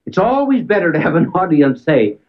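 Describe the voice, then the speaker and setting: A man's voice: on the high side, sing-song, a little fast. Man telling stories over a tinny line. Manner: storytelling with emphatic rises and sudden drops to near silence. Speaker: speaker on public speaking. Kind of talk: anecdotal talk on public speaking. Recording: tinny phone-like band, old archive recording.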